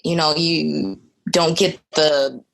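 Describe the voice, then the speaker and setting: A woman's voice: sits low, fairly even intonation, slow pace, vocal fry, fairly bright tone. A young woman who is a podcast guest, telling a personal story in a candid, earnest way with lots of conversational fillers.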